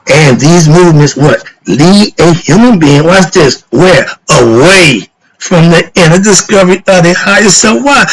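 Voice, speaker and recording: The recording is rough, and the host's voice is creaky and on the high side. This middle-aged or older man leads a relaxed spiritual lecture on his philosophy talk show, raising rhetorical questions, answering them, using slang, and growing heated.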